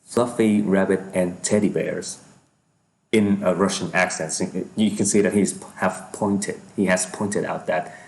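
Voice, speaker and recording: A man's voice: low voice, fairly even intonation, a little slow, vocal fry, a little mellow. A man giving reaction commentary on a comedy clip, hesitant and often repeating himself. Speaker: video reactor.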